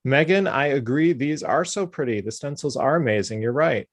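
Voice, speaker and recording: In Orlando, a man hosts a casual craft livestream, joking around and reading viewer comments aloud. His voice is medium-pitched and moderately paced.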